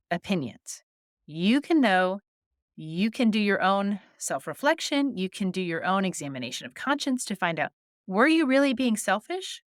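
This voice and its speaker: A woman hosting an advice podcast, calmly coaching listeners and modeling short, firm replies to say. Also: mid-range voice, dry recording, studio quality. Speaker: podcast host.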